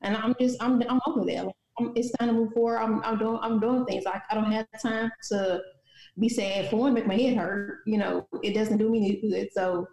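A woman's voice: fairly high pitch, steady tone, a little fast, gravelly, a little mellow, roomy sound, low-quality recording. A woman from St. Louis, a guest author and speaker, telling her story candidly with many restarts in an interview. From St. Louis, USA. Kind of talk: interview conversation.

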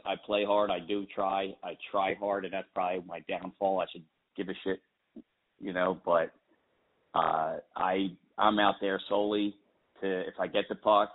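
Low-voiced man joking on a tinny line. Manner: joking, self-deprecating. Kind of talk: casual chat. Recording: phone-like narrow sound.

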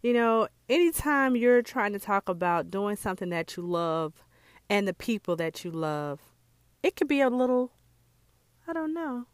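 A woman's voice: medium pitch, smooth, no room sound. Woman podcast host, casual and heartfelt, medium voice, dry close mic. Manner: chatty, conversational, many asides to listeners; earnest and heartfelt. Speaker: podcast host and jewelry maker. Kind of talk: casual solo podcast talk.

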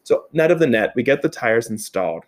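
A man telling a personal story in a casual, animated way, swearing often and laughing as he goes. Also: medium pitch, brisk.

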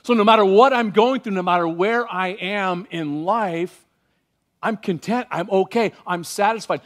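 A man preaching a sermon as pastor, animated and varied, slowing down when he reads scripture aloud. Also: sits high.

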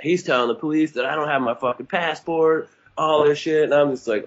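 A man's voice: on the high side, normal speed, muffled recording. A man telling a wild story in a casual, profane, laid-back way, peppered with "man" and "like". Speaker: guest storyteller.

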